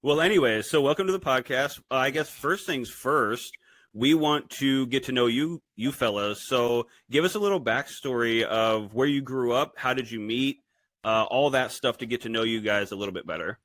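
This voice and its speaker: A man's voice: medium pitch, moderate pace, a bit bright, no echo. A man co-hosting a podcast, speaking in a teasing, dry casual chat. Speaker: podcast co-host.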